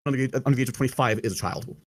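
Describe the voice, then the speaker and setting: A man's voice: mid-range voice, rapid-fire. A man in an online debate, hesitant with many fillers, citing dictionary definitions. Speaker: debate participant.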